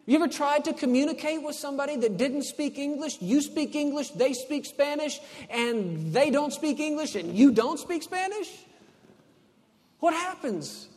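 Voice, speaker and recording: A man with a high voice preaches to a congregation in a big hall, and long reverb trails after every line. He moves between hushed, intimate passages and loud, emphatic ones. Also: expressive, normal speed. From Texas. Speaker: pastor. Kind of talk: sermon.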